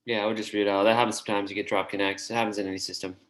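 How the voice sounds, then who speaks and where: A man's voice: fairly low pitch, level tone, rapid-fire, rough recording. A man hosting the show, enthusiastically praising and joking with his guest. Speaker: host. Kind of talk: casual commentary.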